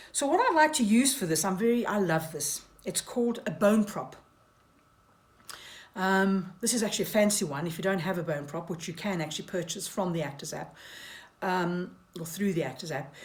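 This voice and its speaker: A woman giving a voice and speech lesson for actors, demonstrating tongue exercises aloud with wry asides. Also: on the low side. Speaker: voice coach.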